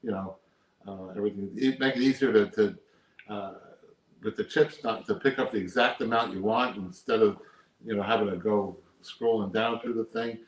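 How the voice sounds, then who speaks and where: A man's voice: lowish voice, steady tone, normal speed. Emphatic older man in an echoey room. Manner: emphatic, repeats his points. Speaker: guest, poker player. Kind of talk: casual interview chat. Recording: roomy echo.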